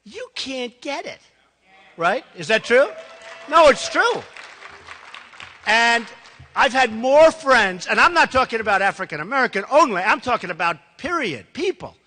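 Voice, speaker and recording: Male political candidate, campaign speech, emphatic and repetitive, bright voice, reverberant large hall. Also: very high voice, big pitch swings, measured pace, some chatter behind. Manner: emphatic and rambling, repeats himself. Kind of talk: campaign speech to a live audience.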